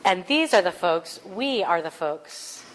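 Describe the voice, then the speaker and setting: Low-voiced woman minister preaching. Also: slow pace, low-quality recording. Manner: animated storytelling, acts out quoted voices. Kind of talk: sermon.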